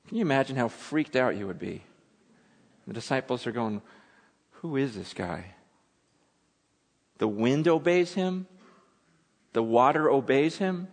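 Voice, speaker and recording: Male pastor, dramatic sermon delivery, slightly high voice, big reverberant church hall. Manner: dramatic storytelling, swinging from loud urgency to hushed intensity.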